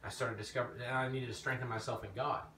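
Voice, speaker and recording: A man preaching an informal teaching sermon, telling his own story in an animated way that rises when he gets emphatic. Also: medium pitch, quick pace. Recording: echoey room, mic at a distance, faint background noise.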